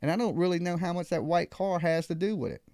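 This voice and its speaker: A man's voice: sits high, quick pace, darkish tone, no echo, clean studio sound. A man hosting a live call-in show, telling a story casually and acting out other people's lines.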